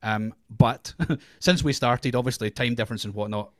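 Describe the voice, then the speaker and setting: A Scottish man co-hosts a casual podcast and chats easily. His pitch sits in the middle, and he keeps restarting his sentences with plenty of ums. The sound is dry and close to the mic. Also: fairly even intonation, normal speed, dry recording. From Scotland. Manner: rambling, many restarts and fillers, laughs often. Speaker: podcast co-host.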